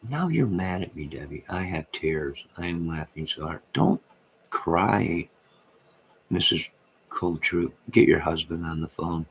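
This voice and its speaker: A man's voice: deep voice, lively intonation, measured pace, gravelly, slight background noise. A man hosting a late-night livestream from home, bantering and joking in a rambling way as he answers his viewers' comments. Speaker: livestream host reading chat.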